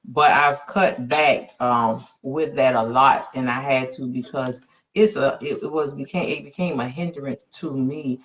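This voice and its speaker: A woman hosting a faith-based interview podcast, emphatic and quick to exclaim and affirm. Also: very deep voice, fairly even intonation, fairly bright tone. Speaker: podcast host. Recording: dull lo-fi sound.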